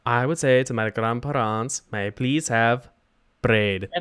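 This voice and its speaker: A man's voice: mid-range voice, measured pace, a bit bright, smooth, dry recording. A young man streaming a game, chatting in a loose, rambling, joking way. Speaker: let's-play streamer. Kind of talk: casual gameplay chat.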